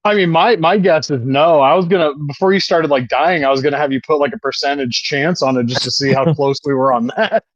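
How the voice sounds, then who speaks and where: A man's voice: fairly high pitch, fairly quick, few pauses, dry recording, dull audio. A man co-hosting a podcast in casual chat, swearing often and talking with eager enthusiasm. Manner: profane, enthusiastic wrestling fan. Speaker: podcast co-host.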